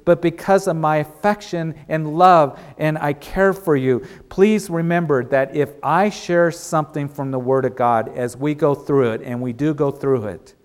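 A male pastor delivering a sermon, retelling a story and driving points home with repeated, emphatic phrases. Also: a little high.

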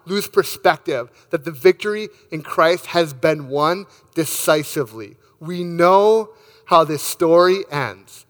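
A man with a fairly high voice delivers an emphatic sermon and reads scripture aloud. His voice rings out with a long reverb, as if he is in a large hall. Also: animated, takes it slowly. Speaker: pastor.

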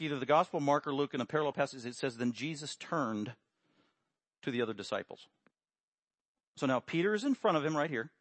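A man delivers an animated sermon, rising to loud emphatic peaks and then dropping low. His voice sits a little high. The recording is dry, with no room sound. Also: dry recording. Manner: acts out quotes with raised voice. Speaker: preacher.

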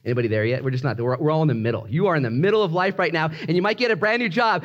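A male pastor preaching a sermon, moving between quiet prayer and lively, animated teaching with high excited outbursts. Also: racing, few pauses, dull audio.

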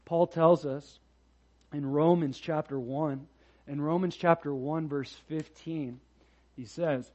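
A young adult man preaching a sermon as pastor, telling stories in an animated way and building to loud, emphatic points. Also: a little high, slow. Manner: animated storytelling, rising to loud emphatic passages. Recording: dull lo-fi sound.

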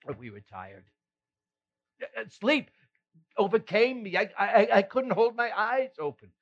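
A man voicing remorseful apostle Peter, earnest, sighing, rueful, unhurried, highish voice, muffled audio. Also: big pitch swings, exaggerated voice. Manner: earnest, emotional retelling with sighs and rueful laughs. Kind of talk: first-person dramatic monologue. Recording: slightly muffled recording.

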